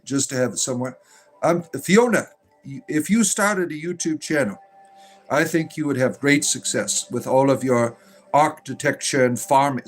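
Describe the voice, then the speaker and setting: Brief: male streamer, mid-pitched, loose and rambling, reads chat with dry asides, faint music behind. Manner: rambling, repeats himself, many fillers and restarts. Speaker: livestreamer and spiritual entertainer. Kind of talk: casual livestream chat, reading viewer comments.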